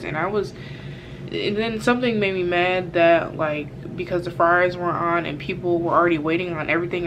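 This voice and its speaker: A young woman telling a casual storytime vlog, rambling with lots of fillers and frank cursing. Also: lowish voice. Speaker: vlogger. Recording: background noise.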